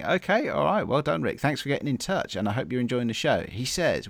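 A man hosts a podcast in relaxed chat. He chuckles often and keeps the show moving briskly. His voice is close and dry, with no room sound. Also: medium pitch, vocal fry, dry recording. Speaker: podcast host. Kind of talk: casual chat.

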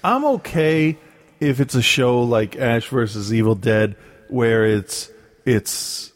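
A man's voice: mid-range voice, animated, slow. Dry, sarcastic man in casual chat.

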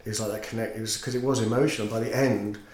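A man's voice: on the low side, fairly even intonation, rapid-fire, a little mellow. A man who teaches and sings, a guest in a casual interview, telling his story in an earnest, reflective way. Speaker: podcast guest, teacher and singer. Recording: roomy echo with faint noise.

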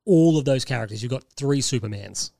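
A man hosts a casual podcast chat, his voice at an ordinary middle pitch. He rambles through his ideas with enthusiasm. The sound is dry and close, with no room around it. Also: expressive, brisk, gravelly, warm tone, no echo. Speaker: podcast host.

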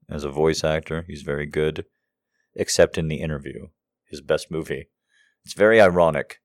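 Deep-voiced, slow, deadpan comic man. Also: no echo, studio quality. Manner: rambling, deadpan, self-mocking. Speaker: comedic host. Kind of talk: joking monologue and reading letters aloud.

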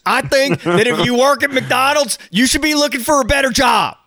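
A man voicing a brash, blunt Florida-man alter ego of himself, gruff and opinionated. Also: very high voice, normal speed, bright, forceful tone, no room sound, voice pushed up.

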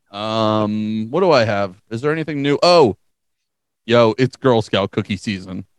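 A man's voice: on the low side, lively intonation, slow, pauses often, smooth, no echo. A young man co-hosting a podcast in casual chat, joking loosely and laughing often. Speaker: podcast co-host.

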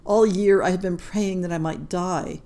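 A woman's voice: on the low side, fairly even intonation, normal speed, dark tone, lightly acted. A woman reading a short story aloud, voicing a tearful young Frenchwoman in hiding, in an earnest, urgent way. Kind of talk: audiobook reading.

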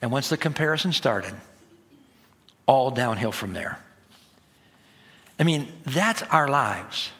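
A man's voice: medium pitch, lively intonation, takes it slowly, long pauses, sharp tone. A middle-aged man preaching a sermon, telling stories animatedly and acting out the voices of the people in them. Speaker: pastor.

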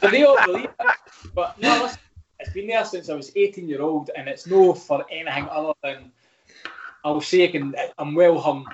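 A man's voice: fairly high pitch, animated, normal speed, long pauses, a bit bright, reverberant, highs cut off. A Scottish man in his thirties, a footballer chatting frankly on a podcast with many restarts. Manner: rambling, frank, with lots of restarts. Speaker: footballer guest. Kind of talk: casual podcast chat.

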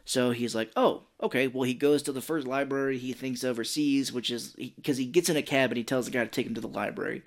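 A man's voice: mid-range voice, fairly even intonation, fast talker, hardly any pauses. A man co-hosting a podcast, retelling a movie's scenes in casual chat, acting out quoted lines and swearing freely. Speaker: podcast co-host.

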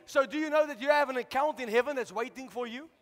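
A man preaching a sermon as pastor, shouting out to the congregation and asking for responses. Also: very high voice, fast talker. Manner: preaching with rising shouts and call-outs to the congregation. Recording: long hall reverb.

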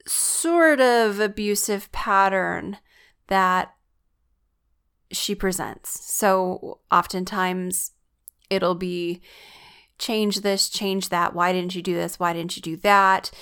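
A woman's voice: medium pitch, creaky, a bit bright. A worn-out, stressed woman talking earnestly and confidingly about her struggles in a personal vlog.

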